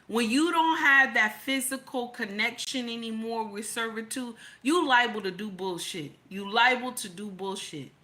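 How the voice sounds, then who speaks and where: A middle-aged woman giving opinionated livestream commentary, blunt and preachy, with profanity sprinkled through. Her voice sits a bit high and rings bright and forceful. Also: moderate pace, hardly any pauses. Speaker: livestream host.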